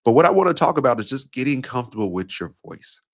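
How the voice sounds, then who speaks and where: A man's voice: medium pitch, very animated, quick pace. A man in his thirties hosting a solo podcast as a speaking coach, talking casually and acting out quoted voices playfully. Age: 30s. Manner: conversational, acts out quoted voices with playful swings.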